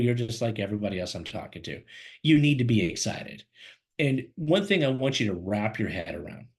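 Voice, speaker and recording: A fast-talking man coaching job seekers straight to camera. He speaks with an animated, emphatic energy, pushing his points hard. His pitch sits in an ordinary middle range. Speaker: career coach. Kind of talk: energetic instructional talk to camera. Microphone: camera mic, speaking to camera.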